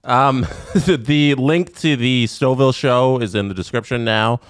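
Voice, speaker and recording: A man's voice: mid-range voice, measured pace, smooth, no room sound, studio quality. A man on a podcast giving show notes in a casual, matter-of-fact way. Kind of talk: casual chat.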